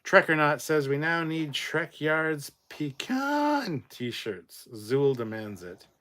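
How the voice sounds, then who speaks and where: A man hosting a casual livestream, reading viewer comments aloud and adding quick, swearing asides. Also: a little high, pushed and bright. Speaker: livestream host reading chat.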